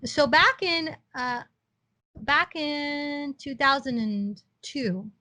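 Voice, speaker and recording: A woman's voice: sits high, very slow, pushed and bright, no room sound. A woman co-hosting a podcast in casual chat, chatty and self-teasing. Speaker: podcast co-host.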